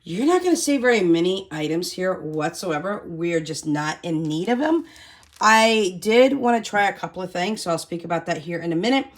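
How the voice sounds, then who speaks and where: Chatty woman, fairly low voice, "y'all". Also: lively intonation, moderate pace. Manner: chatty, uses "y'all", explains details at length. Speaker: budget vlogger. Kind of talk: casual grocery haul talk to camera.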